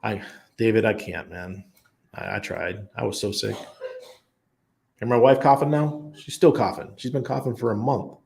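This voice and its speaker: A man with a lowish, gravelly voice hosts a relaxed livestream. He reads out viewer comments one after another and answers each one off the cuff, chatting loosely and thinking aloud as he goes. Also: normal speed, long pauses. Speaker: crypto livestream host. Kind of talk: casual live chat, reading viewer comments. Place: home in Panama.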